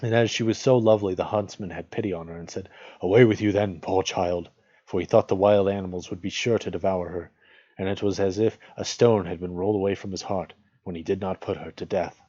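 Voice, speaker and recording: A man reading a fairy tale aloud at a measured, unhurried pace, as host of a regular reading. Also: deep voice, steady tone, dark tone, breathy edge, dry recording, muffled recording.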